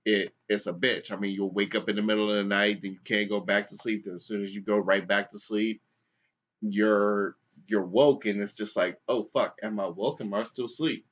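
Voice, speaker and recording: A man's voice: fairly low pitch, moderate pace. A man co-hosting a podcast, telling a story in casual, profane chat and acting out the people in it. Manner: profane, animated retelling with quoted voices. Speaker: podcast co-host. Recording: dull lo-fi sound.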